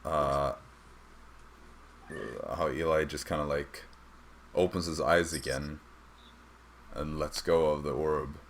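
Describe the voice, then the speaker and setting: Deep-voiced young man running a tabletop game. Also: fairly even intonation, slight background noise. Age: young adult. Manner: rambling, halting, with many fillers. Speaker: dungeon master.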